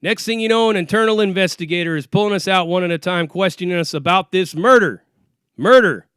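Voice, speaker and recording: A man's voice: high-pitched, fairly quick, fairly bright tone, clear, resonant tone, no echo, clean studio sound. A man telling a story about his time in jail in a casual, profane, streetwise way, acting out what people said. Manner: profane, streetwise, acts out quoted dialogue. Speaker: former inmate telling prison stories.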